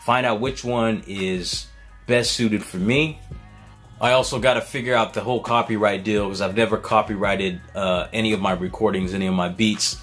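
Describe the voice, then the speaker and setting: A man's voice: lowish voice, fairly even intonation, moderate pace, fairly bright tone, faint music behind. A man vlogging in a casual, earnest way, thinking aloud with many fillers and restarts. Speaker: vlogger, beat maker.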